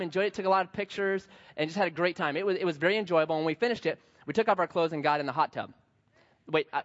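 A man's voice: fairly high pitch, fairly bright tone. A man in his thirties preaching a sermon as a pastor, telling a family story with playful asides and acted-out quotes. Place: church sanctuary. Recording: dull long hall reverb.

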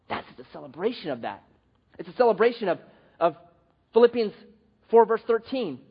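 A man preaching a sermon as pastor, telling a story with lively acted quotes. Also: a little high, brisk, breathy edge, lo-fi sound.

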